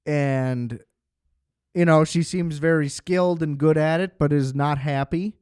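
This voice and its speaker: Smooth-voiced man rambling through a review. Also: on the high side, measured pace, a little mellow, dry recording, clean studio sound. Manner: rambling, profane, filler-heavy. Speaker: film reviewer. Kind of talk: casual spoken movie review.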